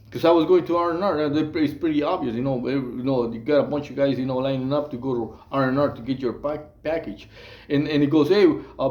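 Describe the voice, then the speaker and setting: A man's voice: on the high side, fast, darkish tone, reverberant, highs cut off. A man from Mexico, casually telling prison stories in a rambling way, full of fillers, restarts and slang. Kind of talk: casual storytelling monologue.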